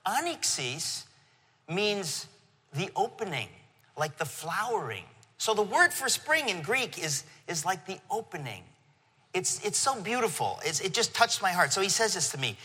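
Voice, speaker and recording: A middle-aged man preaching a sermon to a congregation, telling a story with animated emotion. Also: fairly high pitch. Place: church venue. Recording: long hall reverb.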